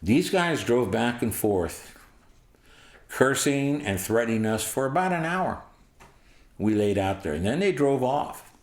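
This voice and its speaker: A man's voice: medium pitch, sing-song, a little slow, reverberant. A man in his sixties telling a story from his own life in a vivid, rambling, profane way. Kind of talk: first-person storytelling.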